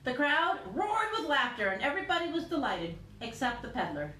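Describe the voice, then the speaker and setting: Woman teacher reading a picture book aloud, animated, roomy echo, faint background noise. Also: high-pitched, fairly quick. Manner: animated storytelling.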